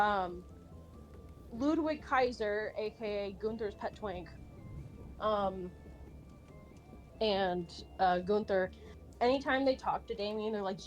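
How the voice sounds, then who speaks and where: A woman streamer chatting casually and animatedly, rambling with many fillers and restarts, and swearing now and then. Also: mid-range voice. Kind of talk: casual chat while drawing.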